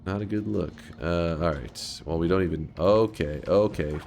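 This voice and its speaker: A man streaming a game, telling stories in casual, profane chat and yelling excitedly at the action. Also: deep voice, normal speed, creaky, a little hiss or hum. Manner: profane, chatty storyteller who breaks into loud excited yells at the game. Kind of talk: casual gaming commentary.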